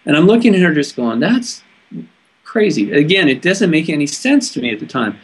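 An interview guest from California recounts a personal experience in a somewhat high, husky, sing-song voice. He speaks earnestly but haltingly, often breaking off and restarting his sentences.

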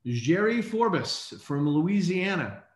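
A man hosting a casual online call, reading out names in an upbeat, brisk way. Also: high-pitched, big pitch swings, reverberant. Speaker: host.

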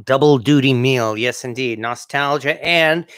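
A man's voice: medium pitch, unhurried, a bit bright, dry recording. Chatty man with dry close sound. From New England, USA. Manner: chatty, chuckles often, reads viewer comments aloud. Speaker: cooking livestream host. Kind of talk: casual live-stream chat while tasting food.

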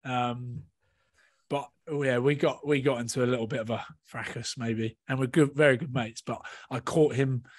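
A rugby player on a podcast panel, chatting casually and telling animated, laughing stories with acted-out quotes. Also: male voice, mid-range voice, normal speed, no room sound, clean studio sound.

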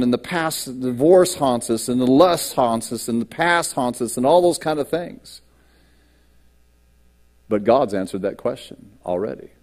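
A man's voice: medium pitch, darkish tone. A man preaching a sermon as a pastor, acting out quoted lines and self-doubt, with stammered restarts. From United States. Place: church sanctuary.

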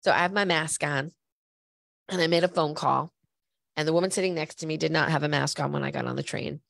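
A woman's voice: low-pitched, brisk, creaky, no echo. A woman hosting a podcast, a little stuffy from a cold, chatting and telling stories straight to listeners. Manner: chatty storyteller, direct appeals to listeners. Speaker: podcast host. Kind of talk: conversational podcast talk.

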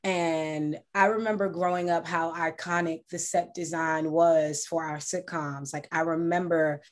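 A woman's voice: deep voice, fairly even intonation, a little slow. A woman interviewed as an actress, talking casually and reflectively with frequent fillers. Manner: chatty, reflective, many fillers.

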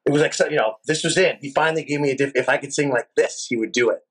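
A rock singer guest telling a long, animated, profane story in a casual interview. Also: male voice, mid-range voice, very fast, husky, low-quality recording. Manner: animated, profane, rambling anecdotes.

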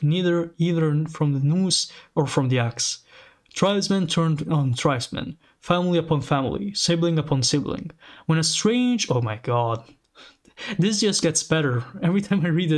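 A man who is a native Italian speaker, hosting a channel and casually commenting on a map while reading its lore aloud, rambling, correcting himself and sounding amused. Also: fairly high pitch. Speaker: channel host.

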